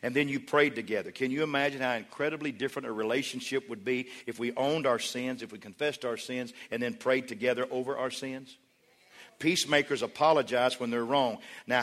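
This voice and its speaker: A middle-aged male pastor preaching with a bright, forceful voice. He drives his points with call-and-response and pushes into near shouts at the peaks. His voice rings with a long reverb through a big church hall. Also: mid-range voice. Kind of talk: sermon.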